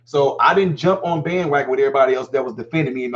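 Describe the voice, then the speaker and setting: On a live call-in show, a man in his forties talks fast and emphatically, acting out quoted lines in animated fashion. His voice is medium-pitched, and the recording sounds muffled.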